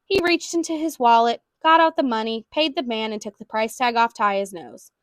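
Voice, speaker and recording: A woman reading a children's storybook aloud in an expressive way. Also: fairly high pitch, normal speed, no room sound, clean studio sound. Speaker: storybook reader.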